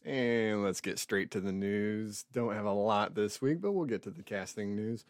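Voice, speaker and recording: A man's voice: fairly low pitch, normal speed, dry recording. A man co-hosting a podcast in casual chat, reading out news items with a wry, chatty manner. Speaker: podcast co-host.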